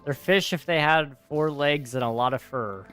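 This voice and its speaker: A slightly high, fairly bright male voice at a moderate pace comes from a young man gaming on a livestream, soft music behind him. He's tired and yawning, rambling in an easygoing way as he reads out chat and answers it.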